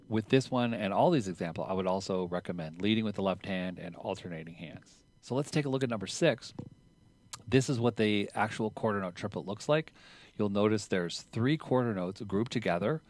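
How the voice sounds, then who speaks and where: A man teaching drums in a relaxed, chatty way, explaining rhythms and counting triplets out loud as he plays. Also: lowish voice, normal speed, loud music behind the voice. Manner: counts triplets out loud over drumming, louder while counting; casual and chatty, with fillers. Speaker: drum teacher. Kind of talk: relaxed instructional talk.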